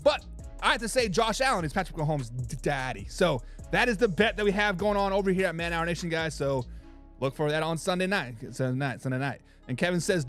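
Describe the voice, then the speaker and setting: A man's voice: fairly high pitch, expressive, brisk, a bit bright, faint music behind. A man hosting a casual sports talk stream, reading viewer comments aloud in a laid-back way, laughing often and repeating his catchphrases. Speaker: sports talk show host.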